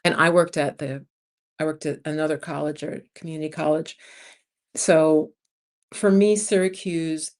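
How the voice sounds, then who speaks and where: Older american lady on a livestream, lowish voice, chatting with the chat and doing everyone's lines. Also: moderate pace. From United States. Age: over 50. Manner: animated storyteller, acts out other people's lines. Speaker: livestream host. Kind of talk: casual live-chat talk to viewers.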